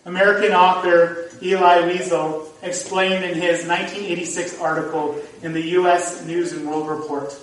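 This preacher's voice sits high and level, moving at a moderate pace with hardly any pauses as he earnestly, at times emphatically, addresses his congregation. The sound is echoey, captured far from the mic in a church sanctuary.

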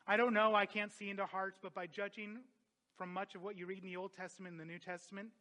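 An impassioned male pastor preaching a sermon in a high, bright, forceful voice. He swings between loud, emphatic peaks and hushed, reflective moments. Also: flat delivery, fast talker.

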